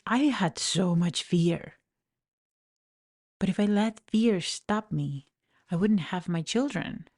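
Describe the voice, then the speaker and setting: A woman with a noticeable accent speaks earnestly into a studio mic, encouraging her listeners through personal stories. Her voice sits a little low and sounds warm and mellow. She talks like a life coach hosting her own podcast from an office. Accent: non-native English accent. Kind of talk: reflective podcast monologue. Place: home office. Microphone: studio mic, standing.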